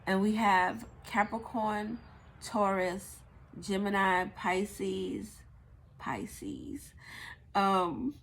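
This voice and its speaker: A woman's voice: medium pitch, little pitch movement, extremely slow, vocal fry, a bit bright. A woman doing a casual tarot reading, thinking aloud, blunt and a bit profane. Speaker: tarot reader.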